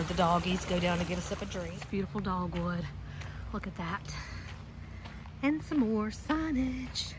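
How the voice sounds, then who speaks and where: Breathless woman vlogging on a walking trail. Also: on the low side. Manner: chatty, reminiscing, trailing off. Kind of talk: casual walking vlog narration. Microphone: handheld phone. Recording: noisy outdoor phone audio. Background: running water, birds, passing vehicles.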